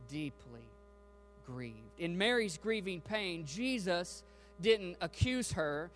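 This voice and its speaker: A male preacher delivering a sermon in an unhurried, deliberate rhythm, with a voice that sits a little high for a man. He drops to near whispers, then builds to loud, impassioned peaks, calling out questions to his congregation. Soft instrumental music plays faintly underneath. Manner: dynamic preaching, swinging from hushed to loud and fervent; addresses congregation directly, asks them questions. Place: church sanctuary.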